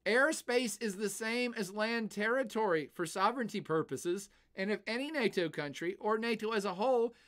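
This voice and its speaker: Older male streamer, animated and chatty, answers viewer questions. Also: high-pitched, normal speed, few pauses. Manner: animated, laughs often, puts on silly voices. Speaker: livestream host. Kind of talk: casual livestream chat, answering chat questions.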